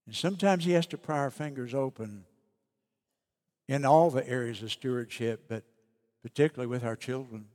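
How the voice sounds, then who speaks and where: A man preaching a sermon as pastor, emphatic, slowing down and dropping soft on key phrases. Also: medium pitch. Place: church sanctuary. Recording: long reverb of a church hall.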